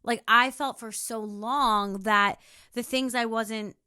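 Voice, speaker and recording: Bright, emphatic young woman hosting a podcast. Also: a little high, slow pace, clean tone, dry recording, clean studio sound. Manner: animated, emphatic, swears freely, acts out quoted voices. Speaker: podcast host. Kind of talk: casual solo podcast monologue.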